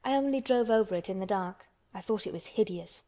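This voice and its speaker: A woman's voice: medium pitch, brisk, warm tone, natural voice. A woman reading a stubborn orphan girl. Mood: eager. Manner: earnest, contrary storybook telling.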